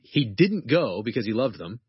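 A man, a professor and author, talking earnestly about faith and quoting scripture slowly and deliberately. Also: medium pitch, very animated, slightly rough, no room sound, lo-fi sound. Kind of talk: conversational teaching on faith.

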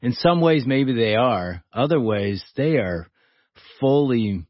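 Brief: male radio host, thoughtful and conversational, husky voice, dry dull studio sound. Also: mid-range voice, expressive, slow pace, no room sound. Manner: thoughtful, prompting questions. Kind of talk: conversational interview.

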